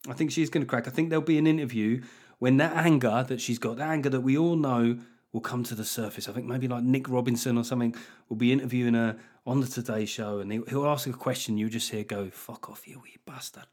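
A man's voice: mid-range voice, steady tone, quick pace, a little mellow. A man hosting a comedy podcast, delivering a sardonic, sweary monologue with lots of laughter.

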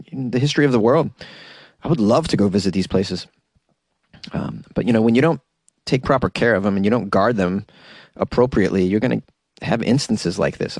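A man's voice: on the low side, no room sound. A man hosting a podcast in a casual, comedic commentary style, sarcastic and mock-enthusiastic, chuckling as he talks. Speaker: podcast host.

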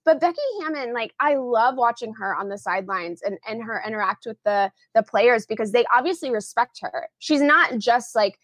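A woman's voice: a little high, lively intonation, moderate pace, hardly any pauses, a bit bright, no echo, studio quality. A young adult woman from Oklahoma, a podcast guest chatting casually with lots of fillers and restarts. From Tulsa, Oklahoma area, US. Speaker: podcast guest, film critic.

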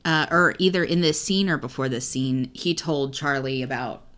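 A woman's voice: very deep voice, normal speed, fairly bright tone. A young woman co-hosting a book podcast, chatting casually, swearing freely and reading passages aloud. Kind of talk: casual chat.

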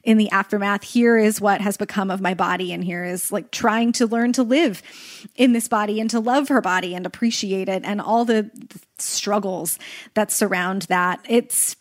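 A woman's voice: mid-range voice, steady tone, moderate pace, no room sound, studio quality. A woman co-hosting a casual book podcast, talking earnestly and a little nervously about books that move her. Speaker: podcast co-host.

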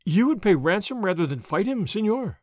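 A man reading aloud as a spirited, impatient young noble lady in an old adventure storybook, with a sharp, exasperated manner. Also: high voice, big pitch swings, a little fast, no echo, clean studio sound.

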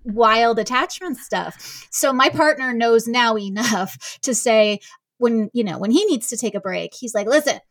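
A woman talking candidly in a casual chat, lively and animated, acting out the voices she quotes. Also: fairly high pitch, unhurried.

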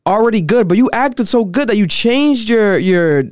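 A man hosting a podcast, chatting casually in a loose, animated way with lots of fillers and quick asides. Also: high voice, clean tone, no echo, clean studio sound. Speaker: podcast host. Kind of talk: casual chat.

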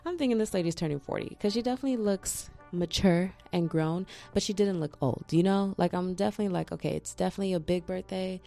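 A woman's voice: fairly low pitch, quick pace, gravelly, hardly any pauses, dark tone, faint music behind. A young woman hosting a casual solo podcast, chatty and slangy, with lots of "like". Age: young adult. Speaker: podcast host.

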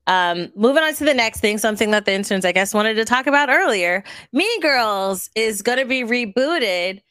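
A woman's voice: a little high, normal speed, no echo. Woman host, casual and chatty, dry close recording. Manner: chatty, relaxed, laughs easily. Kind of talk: casual chat.

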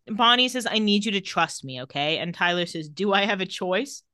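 A woman's voice: medium pitch, animated, moderate pace, bright, forceful tone, no echo, clean studio sound. A woman co-hosting a podcast, casually recapping an episode and reading lines with wry asides. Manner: reads out dialogue with wry asides. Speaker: podcast co-host.

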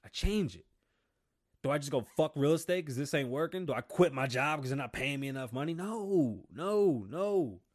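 A man's voice: fairly high pitch, lively intonation, moderate pace, a little mellow. A middle-aged man hosting his own show, giving a casual, blunt motivational talk and swearing freely. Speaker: show host.

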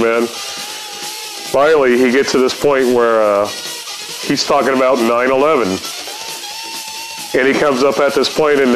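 A man's voice: medium pitch, poor audio. Profane, rambling man telling stories. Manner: profane, slangy, rambling, peppered with dude and man. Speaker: podcast host telling stories. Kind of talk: casual storytelling.

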